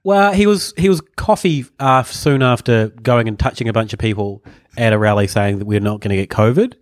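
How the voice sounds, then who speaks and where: A male podcast host spins long, rambling stories in easygoing banter, laughing at his own tangents. His voice sits at an ordinary pitch, and the sound is dry and close with no room around it. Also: fairly quick, dry recording. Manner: rambling storyteller, chuckling often. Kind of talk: casual comedic chat.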